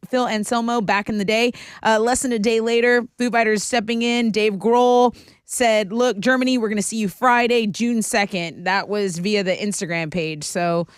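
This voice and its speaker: A woman's voice: fairly high pitch, clean tone, no echo, clean studio sound. A woman, co-hosting a radio show and reading the news headlines in a chatty way. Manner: chatty, quick, reads news items. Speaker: news co-host. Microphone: studio microphone.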